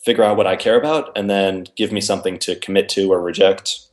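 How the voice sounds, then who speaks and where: A man's voice: deep voice, steady tone, quick pace. A man, an author and interview guest, explaining his ideas in casual conversation and acting out both sides of imagined dialogues.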